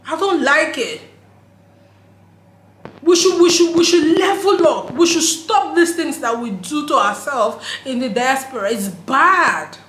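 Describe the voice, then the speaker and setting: A woman with a Nigerian accent, talking straight to camera in an emphatic, laughing vlog voice that drops into pidgin phrases. Her voice sits high, and the recording carries a roomy echo. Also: lively intonation, a little slow, a bit bright. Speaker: vlogger. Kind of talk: casual opinion monologue.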